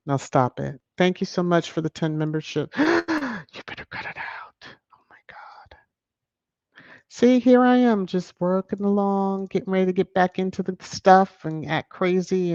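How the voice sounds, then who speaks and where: A woman's voice: sits low, gravelly, darkish tone, dry recording. A woman hosting a live stream in casual chat, thanking viewers by name. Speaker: YouTube live stream host. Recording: dull lo-fi dry sound.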